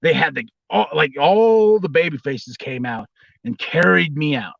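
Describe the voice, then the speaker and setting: Man in his thirties, livestream host, rambling storyteller, slightly high and bright, dull dry lo-fi sound. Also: animated, measured pace, vocal fry, no echo. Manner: rambling, restarts, bursts into high squealing impressions. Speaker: livestream host, former wrestler.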